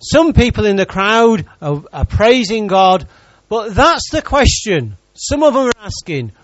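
A man's voice: high voice, big pitch swings, a little slow, no room sound, lo-fi sound. A man preaching a sermon in church, reading scripture and joking with the congregation.

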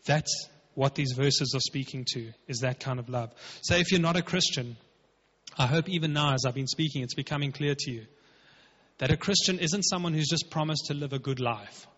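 A man's voice: mid-range voice, normal speed, a bit bright. A man preaching a sermon as pastor, emphatic and conversational, acting out quotes. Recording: dull, lo-fi with long hall reverb.

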